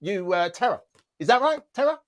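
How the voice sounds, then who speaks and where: A man's voice: high voice, big pitch swings, a little fast, a crowd in the background. Guy hosting an interview on a video call, jokey and rambly, voice jumps all over. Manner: jokey, rambling, laughs often. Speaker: interview host. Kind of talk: casual interview.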